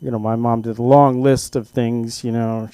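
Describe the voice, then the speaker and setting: An older man at an open mic, telling a rambling, self-deprecating personal story with halting restarts. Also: mid-range voice, level tone, dark tone, clean tone, no echo. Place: comedy club stage.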